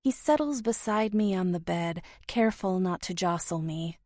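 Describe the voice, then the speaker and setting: A woman narrating a romance audiobook in a soft, intimate first-person voice. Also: on the low side, animated, moderate pace, no room sound, studio quality.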